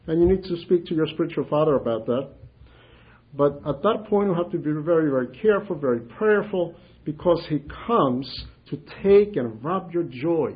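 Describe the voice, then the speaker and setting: A man with a high voice gives an informal spiritual talk. He speaks conversationally, repeats his phrases and acts out short, simple prayers. The recording sounds dull and lo-fi. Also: expressive, moderate pace.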